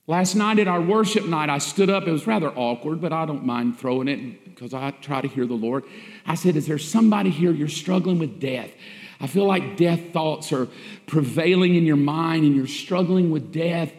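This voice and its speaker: High-voiced pastor preaching in an echoey hall. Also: male voice, moderate pace, darkish tone. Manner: emphatic, repetitive preaching with rhetorical questions. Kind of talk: sermon. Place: church sanctuary.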